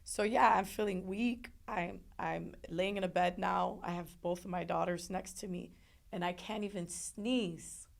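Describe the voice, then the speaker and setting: Woman, interview guest, gravelly fry in her voice, emotional halting testimony. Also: lowish voice, steady tone. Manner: emotional, halting, with many restarts.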